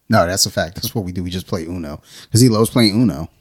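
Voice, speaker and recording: This podcast co-host talks beer from his home studio, cursing freely as he tells stories and mimics the people he quotes. He speaks a little fast in a low voice.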